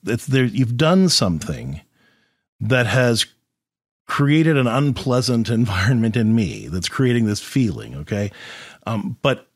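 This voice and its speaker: A man with a fairly low voice talks listeners through advice in an animated, conversational way, often restarting and checking with "do you see the difference?" His tone is a little husky and swings widely in pitch. The recording is close and dry, with no room sound. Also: no room sound. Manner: animated, explanatory, with frequent restarts and rhetorical questions. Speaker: podcast host, therapist.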